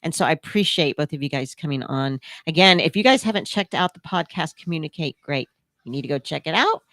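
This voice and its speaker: A woman's voice: deep voice, lively intonation, brisk, a bit bright, no room sound, studio quality. A woman hosting a radio talk show, chatty and encouraging with many fillers. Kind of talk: casual interview chat.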